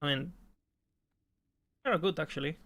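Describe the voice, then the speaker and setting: A man's voice: on the high side, normal speed, a bit bright. A young man casually commentating his own game stream, often stammering and repeating words, swearing now and then.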